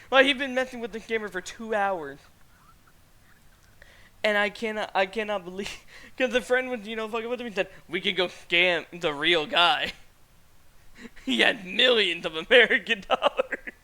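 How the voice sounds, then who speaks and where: A man's voice: high voice, moderate pace, long pauses, sharp tone. A man hosting a casual streamed podcast, telling a rambling story with frequent laughter. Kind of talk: casual chat.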